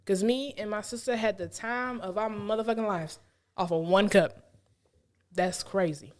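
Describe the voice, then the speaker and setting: A woman's voice: mid-range voice, moderate pace, darkish tone. A woman co-hosting a casual podcast, blunt and playful, laughing often as she talks. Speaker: podcast co-host. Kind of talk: casual chat.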